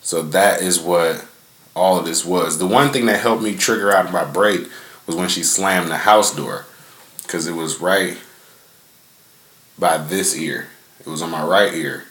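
A young podcast host tells a casual story from his front yard in a low-pitched voice, a little slow and marked by long pauses. The tone is fairly bright and the room echoey. His telling is loose, profane, laid-back, and filled with fillers.

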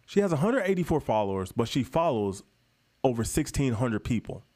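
A man's voice: mid-range voice, very animated, brisk, darkish tone. A man vlogging to camera in a casual, emphatic way. He keeps calling his viewers guys and repeats points for stress.

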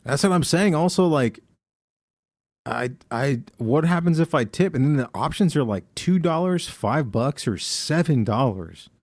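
A man's voice: a little high, a little slow, dry recording. A man co-hosting a casual comedy podcast, telling anecdotes and acting out other people's voices, with lots of swearing. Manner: animated, acts out voices in anecdotes, heavy swearing. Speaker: podcast co-host.

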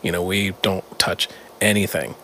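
A man's voice: deep voice, steady tone, moderate pace, pushed and bright. A middle-aged man co-hosting a casual podcast, telling a story in a laid-back way, full of fillers and laughter. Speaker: podcast co-host. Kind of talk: casual chat. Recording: faint background noise.

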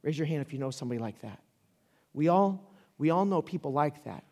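High-voiced animated male preacher. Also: fairly quick. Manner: animated, conversational preaching with rising shouts. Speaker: pastor. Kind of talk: sermon.

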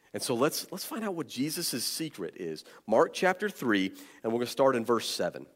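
A male pastor preaching a sermon to his congregation, animated and joking, with plenty of fillers and restarts. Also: mid-range voice. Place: church sanctuary. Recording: long church hall reverb.

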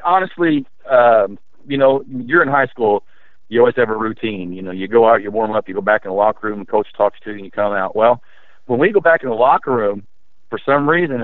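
A middle-aged man, a former high school basketball player, telling his memories in a rambling, animated way with many fillers. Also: no echo, phone-quality sound. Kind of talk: casual interview storytelling.

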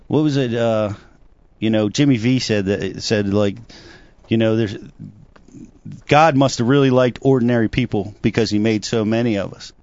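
A man co-hosting a talk show, telling long rambling stories in a casual, animated way. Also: on the low side, normal speed, no echo, highs cut off. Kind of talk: casual chat.

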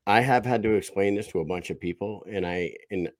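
A man hosts a casual podcast with a lower, steady voice. He is recorded close and dry, with no room sound. He speaks in a relaxed, conversational way. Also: brisk, no echo.

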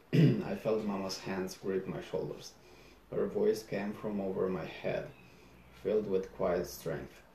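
Slow, low-voiced male reader in a roomy room. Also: fairly even intonation, gravelly, warm tone, slight background noise. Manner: slow, low-key, with slips and restarts. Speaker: audiobook reader. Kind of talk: first-person novel narration. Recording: roomy echo.

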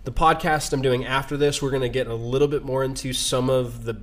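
A podcast host chats casually in a rambling, self-deprecating way, restarting many times. His mid-range voice is fairly quick with fairly even intonation.

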